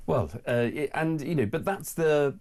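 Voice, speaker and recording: A man's voice: fairly high pitch, normal speed, a little mellow. A man co-presenting a radio show in casual chat, hesitant and full of fillers, laughing easily.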